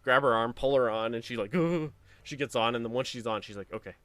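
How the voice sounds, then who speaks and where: A man streaming a game, telling family stories in a casual, lively way and acting out the voices of the people in them. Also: medium pitch, fast, dry recording. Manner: animated anecdote telling with acted-out quotes. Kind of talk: casual storytelling while playing a game.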